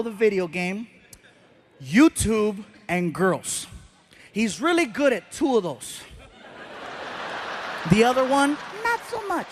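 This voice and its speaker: A middle-aged man telling stand-up stories on a live stage, animated and acting out voices. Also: very high-pitched. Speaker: stand-up comedian. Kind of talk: stand-up storytelling.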